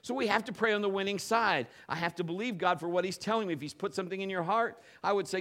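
A middle-aged man preaching a sermon, telling folksy stories with many restarts and building from quiet teaching to loud preaching. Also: high voice, animated, fast, hardly any pauses. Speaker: pastor.

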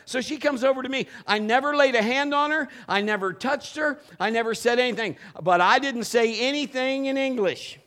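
A male pastor preaching a sermon with an animated delivery that swings from loud bursts to low, intimate tones. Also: normal speed.

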